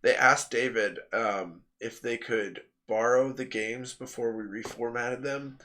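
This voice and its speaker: A man's voice: medium pitch, steady tone, unhurried, pushed and bright, a little hiss or hum. A man hosting a casual podcast chat, telling workplace stories with swearing and acted-out quotes. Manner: storytelling, swears, acts out quotes. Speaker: podcast host.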